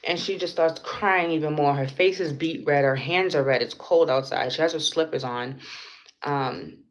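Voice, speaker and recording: A woman's voice: low-pitched, normal speed. A young woman on a livestream telling a story from her day, blunt and profane, with lots of fillers. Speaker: vlogger. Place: indoors at home. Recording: slightly dull lo-fi sound with faint noise.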